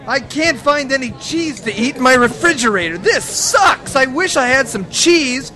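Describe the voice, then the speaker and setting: A man voicing a frantic, whiny guy shouting for help over a lack of cheese, in a high, strained voice. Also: animated, moderate pace, soft background music, full character voice. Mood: desperate.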